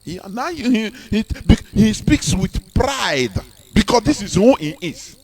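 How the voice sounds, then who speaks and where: Male speaker, emphatic, keeps asking rhetorical questions, slightly high-pitched. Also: very animated, measured pace, crowd noise. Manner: emphatic, repeats words and asks rhetorical questions. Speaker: speaker on a live broadcast. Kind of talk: impassioned speech.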